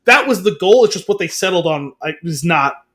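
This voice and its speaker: A man's voice: high voice, expressive, fairly quick, fairly bright tone. A man co-hosting a podcast in casual chat, rambling and hedging with lots of fillers. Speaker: podcast co-host.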